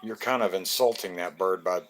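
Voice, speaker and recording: A man's voice: low-pitched, moderate pace, a bit bright. Laid-back man chatting live. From Florida. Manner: loose, joking, greets viewers by name. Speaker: live stream host. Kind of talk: casual live stream chat.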